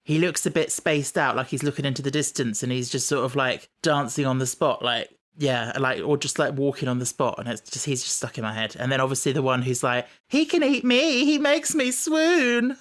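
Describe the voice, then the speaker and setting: A man's voice: medium pitch, steady tone, a little fast, hardly any pauses, a bit bright. Podcast guest, man, meandering and hesitant, mid-range voice. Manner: rambling, hesitant, many fillers and restarts. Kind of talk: casual chat.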